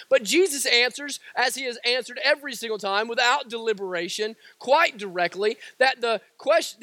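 A man's voice: very high-pitched, fairly bright tone, no room sound. A man preaching a sermon with passion, driving points home through repetition and casual asides.

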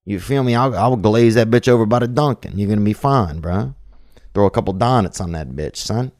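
Male podcast host, lowish voice, dry close sound, rambling, profane, laid-back, lots of "bro". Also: a little fast, darkish tone, no echo. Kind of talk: casual podcast chat.

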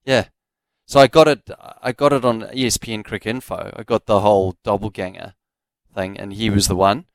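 A man with a South African accent co-hosting a sports radio show, giving measured, analytical takes. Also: fairly low pitch, fairly even intonation, gravelly, dry recording. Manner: measured, analytical, laughs easily. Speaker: radio sports co-host, former cricketer. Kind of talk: casual sports radio chat. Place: radio studio. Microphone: studio microphone.

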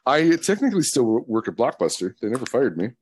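A man's voice: medium pitch, very animated, a little mellow, breathy edge. A man co-hosting a podcast, chatting casually and teasing his co-host with jokes. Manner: teasing, joking, quick to laugh. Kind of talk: casual chat.

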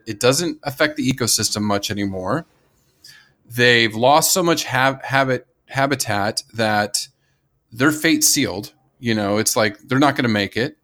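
A man's voice: mid-range voice, a bit bright. A man with an American accent co-hosting a casual conservation podcast, talking enthusiastically and rambling, with many restarts and laughs. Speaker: podcast co-host.

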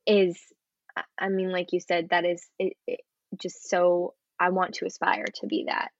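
A young woman, an actress, chatting in an interview and telling an earnest, animated story. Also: on the low side, normal speed, vocal fry, dry recording, dull audio. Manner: earnest, animated storytelling with acted quotes and laughs. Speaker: actress guest. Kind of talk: casual interview chat.

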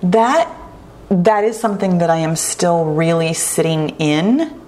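A woman hosting a solo talk, speaking earnestly and reflectively, slow and deliberate with lively asides. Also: fairly low pitch.

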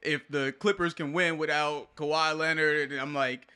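Bright-voiced man, slangy podcast host. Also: on the high side, fairly even intonation, moderate pace, smooth, no echo, clean studio sound. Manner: slangy, laid-back, enthusiastic. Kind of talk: casual interview talk.

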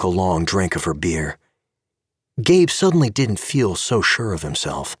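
A man giving an expressive scripted narration of an audio story. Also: sits low, a little slow, husky, no echo, studio quality.

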